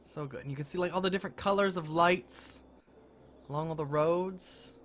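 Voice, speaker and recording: A man's voice: high voice, normal speed, a bit bright, a little hiss or hum. A man chatting through live-stream gameplay commentary, thinking aloud and gushing with delight as he talks to his viewers. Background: game music.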